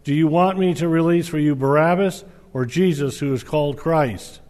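A man reading the lines of an uneasy Roman governor in a measured, earnest way. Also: a little high, a little mellow, close to an everyday voice. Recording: reverberant hall.

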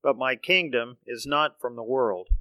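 A serene, solemn teacher in a dramatized scripture reading. He speaks calmly and evenly in a mid-pitched voice, recorded dry and close. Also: no room sound, poor audio. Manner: calm, measured, solemn. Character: calm, serene teacher, grown man.

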